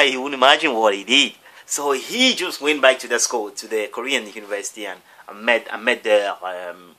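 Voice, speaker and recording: A man's voice: medium pitch, sharp tone. A man vlogger telling a long story casually, rambling with restarts and acting out the people in it. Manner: rambling, restarts and acts out all the voices.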